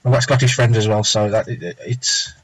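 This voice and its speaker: A man's voice: fairly low pitch, steady tone, brisk, dry recording, poor audio. A young man chatting casually and rambling as he draws live on stream, muttering to himself now and then. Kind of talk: casual chat while drawing.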